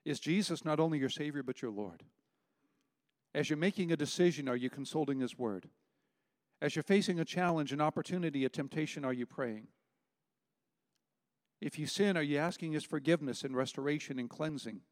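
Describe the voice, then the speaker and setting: A man in his sixties preaching a sermon, firing emphatic rhetorical questions and mixing in folksy personal stories. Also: on the high side. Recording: long reverb of a large hall.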